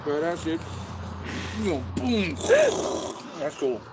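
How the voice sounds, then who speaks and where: A man's voice: a little high, big pitch swings, slow. A man chatting casually outdoors, earnest and easygoing, saying dude often. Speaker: conversation participant. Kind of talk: casual chat. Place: outdoors near a street. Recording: loud outdoor noise with traffic.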